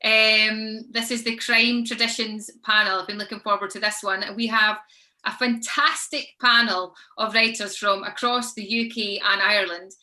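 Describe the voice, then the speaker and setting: Bright-voiced woman hosting a panel. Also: mid-range voice, steady tone, normal speed. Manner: chatty, with frequent ums. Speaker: panel host. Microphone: video call.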